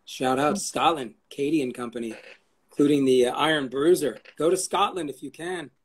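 A fairly high, husky man's voice, talking loosely and at length as an interview guest. He swears freely, wanders between thoughts and keeps slipping in wry jokes. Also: brisk. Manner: rambling, profane and jokey. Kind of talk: casual interview chat.

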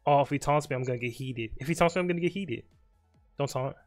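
A young man with a mid-range voice casually commentates his own live game while faint music plays. The streamer jokes, talks to his opponent, and mutters quickly.

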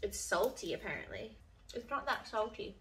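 A woman, chatting softly in a home vlog, reading fan mail, a little emotional with a runny nose, with sudden bursts of excitement. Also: a little high, normal speed. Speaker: vlogger. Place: home studio, indoors. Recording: distant mic, faint background noise.

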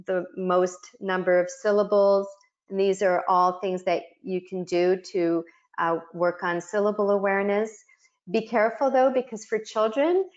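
A woman facilitating a webinar for child care educators, explaining practical activities step by step and modeling words the way she would for children. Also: on the low side. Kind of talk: instructional webinar talk. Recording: muffled lo-fi webinar audio.

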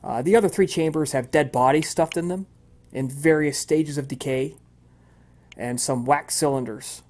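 A man's voice: fairly high pitch, normal speed. Man narrating a tabletop game. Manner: relaxed, with frequent ums and uhs. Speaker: game master.

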